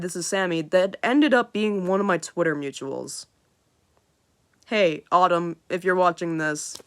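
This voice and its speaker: A woman's voice: lowish voice, smooth. A young woman vlogger casually telling a story, swearing freely and acting out what people said. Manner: animated, swears freely, acts out quotes.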